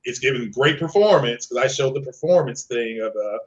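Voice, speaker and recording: A man's voice: medium pitch, expressive, a little fast, lo-fi sound. A man hosting a casual gaming podcast, rambling and joking, with restarts and fillers. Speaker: podcast host.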